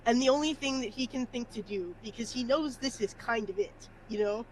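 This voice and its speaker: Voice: mid-range voice, a little fast, a little hiss or hum, low-quality recording. A player at a tabletop game, tearful and rambling, with many fillers.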